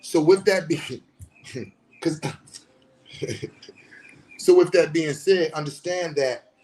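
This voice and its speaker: Fired-up man with AAVE speech. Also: on the high side. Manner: passionate, blunt, heavy swearing, rising to shouts. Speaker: spiritual teacher and counselor. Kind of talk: impassioned profane monologue.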